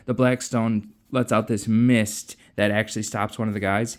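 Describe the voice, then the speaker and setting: A man's voice: fairly low pitch, little pitch movement, moderate pace. A man casually recapping a novel's plot in a chatty, offhand way, acting out quotes. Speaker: book recapper.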